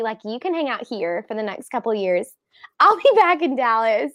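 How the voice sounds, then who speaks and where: A young woman, a blogger, chatting as a podcast guest, talkative and quick to laugh, with trailing asides. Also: on the high side, big pitch swings, a bit bright, no room sound, clean studio sound. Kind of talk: casual chat.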